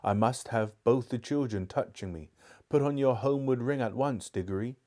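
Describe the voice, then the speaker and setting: A man voicing a fussy, cowardly old gentleman magician who speaks primly and wheedlingly, read aloud live from a storybook. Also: medium pitch, moderate pace, lightly acted. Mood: cunning. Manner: prim, wheedling. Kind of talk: live audiobook reading.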